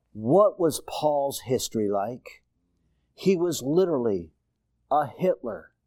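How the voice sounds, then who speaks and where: Fiery preacher man with a dry sound. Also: no echo. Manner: swings from low, quiet asides to loud, high shouted exhortation; repetitive, rousing, sports-laced preaching. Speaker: guest preacher. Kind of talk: sermon.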